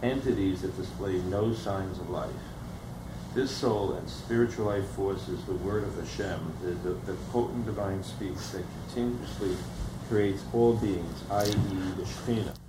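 A man reading a religious text aloud in a measured way, stumbling on some words. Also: deep voice. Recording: roomy with background noise.

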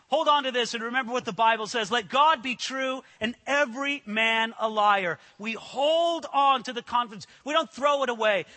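A man's voice: extremely high pitch, bright, forceful tone. Earnest male preacher in a reverberant hall. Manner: earnest, emphatic preaching with slow stressed scripture quotes. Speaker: pastor. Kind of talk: sermon. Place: church hall with an audience.

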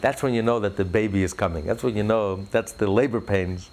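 A man's voice: lowish voice, a little fast, noisy background. A man giving an impassioned religious talk in an interview, fervent and building to emphatic peaks. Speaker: religious speaker.

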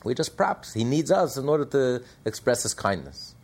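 Male rabbi leading a class, fry in the voice, animated teacher who drives each point home. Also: mid-range voice, normal speed. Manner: animated, asks and answers his own questions. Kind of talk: Torah class lecture.

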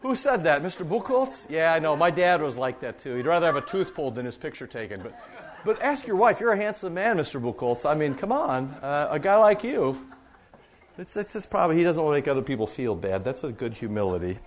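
Chatty pastor leading casual Bible study. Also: male voice, on the high side, very animated, brisk. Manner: chatty, warm-humored, rambling with fillers.

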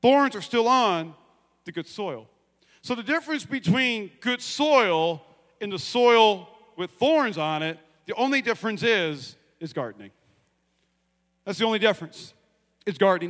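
High-voiced preacher in an echoing hall. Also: male voice, normal speed. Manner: animated, acts out quotes, addresses the church. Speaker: pastor. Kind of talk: sermon with personal story. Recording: long reverb of a large hall.

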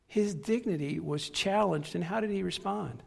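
A man's voice: high voice, moderate pace, vocal fry, in a large hall. A man preaching a sermon with passion, repeating key phrases for emphasis. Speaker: pastor.

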